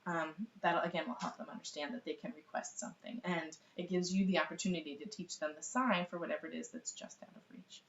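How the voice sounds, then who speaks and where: Speaking quickly and with few pauses, a middle-aged woman runs a chatty live baby sign language lesson, full of ums and frequent laughter. Her voice is on the low side and steady. The webcam recording is roomy, distant and dull, with slight background noise.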